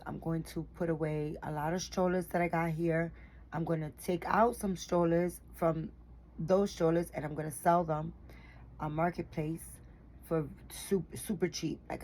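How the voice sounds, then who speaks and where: A woman's voice: sits low, a little mellow, slight background noise, low-quality recording. A tired woman chatting casually to her viewers, rambling with lots of fillers and the odd swear word. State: tired and yawning. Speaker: doll collector vlogger. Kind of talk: casual chat to camera.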